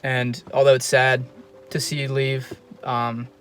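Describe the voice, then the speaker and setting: A young man giving a heartfelt recorded tribute to a friend, earnest and halting, with many ums and restarts. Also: mid-range voice, level tone, fairly bright tone, clean tone. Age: young adult. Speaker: college student giving a tribute.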